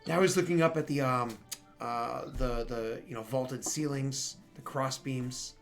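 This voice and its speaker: A man's voice: mid-range voice, a little slow, creaky, soft background music. A man narrating a tabletop role-playing game as game master, casual and full of fillers and restarts. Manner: rambling with many fillers.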